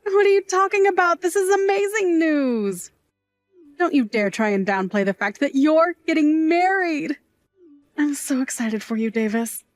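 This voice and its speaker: A woman's voice: high voice, moderate pace, dry recording, soft background music, close to an everyday voice. A woman playing a middle-aged aunt who raised her nephew, a sentimental night worker who is fond, dramatic and teasing. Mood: joyful. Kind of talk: scripted dialogue drama.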